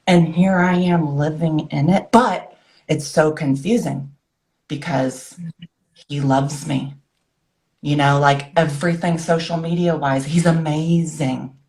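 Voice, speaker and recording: A woman in her forties with a low voice tells her own story as a guest. She talks earnestly in short bursts of phrases, and she slips into the voices of people she remembers. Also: vocal fry, darkish tone. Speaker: guest author. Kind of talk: personal story in conversation.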